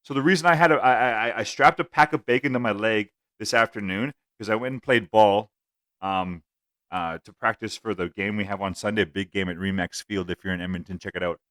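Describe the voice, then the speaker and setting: Deep-voiced young man hosting a casual podcast. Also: brisk, a bit bright, no echo, studio quality. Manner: loose, profane, rambling storytelling. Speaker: podcast host.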